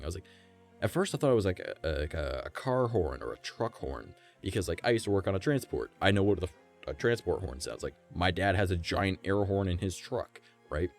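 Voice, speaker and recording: Brief: young man streamer, lowish voice, rambling profane storytelling, faint music behind. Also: big pitch swings, fast, darkish tone. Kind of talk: casual storytelling on a live stream.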